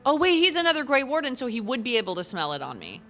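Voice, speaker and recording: A woman gaming streamer giving casual let's-play commentary, excitable and gushing, laughing often. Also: a little high, fast talker, a little hiss or hum. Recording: game music behind.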